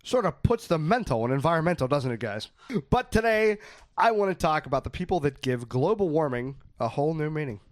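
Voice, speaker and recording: A man's voice: fairly high pitch, lively intonation, fairly quick, no room sound. A man hosting a comedy podcast, joking and stumbling as he reads facts to his co-hosts. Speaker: podcast host.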